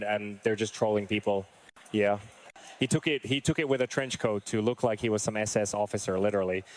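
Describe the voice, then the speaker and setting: A male military veteran in a street interview, talking earnestly and hesitantly, thinking aloud as he goes. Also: fairly low pitch.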